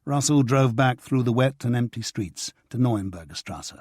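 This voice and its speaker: A man narrates a spy thriller audiobook at a middle pitch. His voice is a little husky and his delivery stays measured and even. The studio sound is close and dry, with no room echo.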